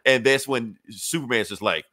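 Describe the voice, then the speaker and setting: A man's voice: mid-range voice, moderate pace, sharp tone, no room sound. A man co-hosting a podcast, casually retelling a comic book plot with profane slang and acting out the characters' lines. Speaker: podcast co-host reviewing comics.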